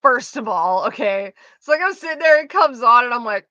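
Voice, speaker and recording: A woman streamer chatting casually with viewers, animated and profane, with lots of "like" fillers. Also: on the high side, fairly quick, hardly any pauses, no echo. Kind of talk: casual live stream chat. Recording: slightly dull lo-fi sound.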